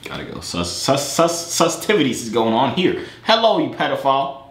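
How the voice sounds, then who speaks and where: A man's voice: wildly swooping pitch, fairly quick, reverberant. A young man bantering and teasing strangers in a casual online video chat. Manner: loud, teasing, swings between high and low pitch. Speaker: YouTuber chatting with strangers on video calls.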